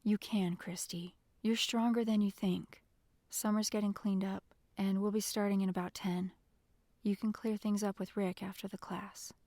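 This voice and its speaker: A woman doing a calm, gentle young man. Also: mid-range voice, moderate pace, no echo, close to an everyday voice. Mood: coaxing. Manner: soft, hushed and reassuring.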